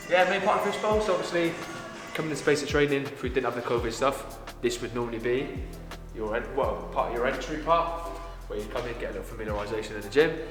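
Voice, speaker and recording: A man's voice: mid-range voice, animated, fast talker. A man, an army gym instructor, giving a chatty, teasing tour of the gym. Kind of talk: casual tour guide chat. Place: indoor gym. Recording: echoey gym with music.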